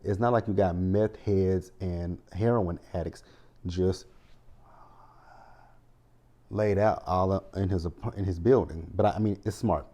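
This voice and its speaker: A man's voice: deep voice, fairly even intonation, measured pace, pauses often, warm tone. A man giving a chatty, rambling recap of a TV episode, full of asides. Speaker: TV show recap vlogger. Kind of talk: casual recap commentary.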